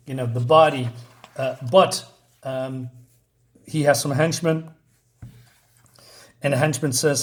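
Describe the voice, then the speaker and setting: A man recapping a comic book plot in a casual video review, full of pauses and fillers. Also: medium pitch, fairly even intonation. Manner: hesitant, many fillers while retelling a plot.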